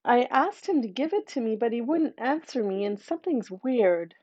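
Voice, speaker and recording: A woman's voice: fairly high pitch, expressive, moderate pace, darkish tone, dull audio. A woman voicing a frightened little girl telling her mother something is wrong. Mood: worried.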